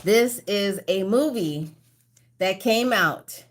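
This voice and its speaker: A woman hosts a trivia game on a casual live stream, speaking slowly with an unhurried pace. She is out of breath and laughs between lines. She drifts off her phone mic now and then. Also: medium pitch, a little hiss or hum. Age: older. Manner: chatty, laughing, reads out questions slowly. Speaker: livestream trivia host.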